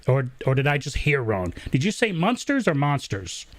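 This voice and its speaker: A man's voice: mid-range voice, big pitch swings, normal speed, no echo. A middle-aged man hosting a casual live interview, joking and chatty with many fillers and restarts. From Southern US. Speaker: host.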